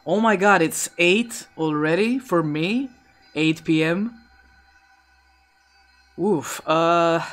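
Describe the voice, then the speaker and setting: A man's voice: a little high, a bit bright. A man streaming a video game live, chatting in a loose, rambling way and often restarting his sentences. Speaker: Twitch streamer. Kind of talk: live gameplay commentary. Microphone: his own streaming microphone.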